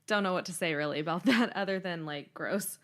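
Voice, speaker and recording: A young woman co-hosting a casual podcast, playful and sarcastic, with quick reactions and frequent laughs. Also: lowish voice. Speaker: podcast co-host. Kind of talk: casual chat.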